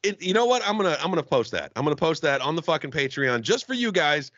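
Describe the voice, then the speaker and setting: A man's voice: fairly high pitch, big pitch swings, fast talker, fairly bright tone, no room sound, muffled recording. A man co-hosting a comedy podcast over a call, ranting in crude, mock-angry banter. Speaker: podcast co-host. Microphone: remote call mic.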